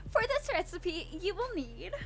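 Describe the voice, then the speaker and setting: A woman putting on an overly polite, bright customer-service voice as a pretend baking-show host. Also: very high voice, very animated, unhurried, soft background music, voice pushed up, exaggerated voice. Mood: chirpy.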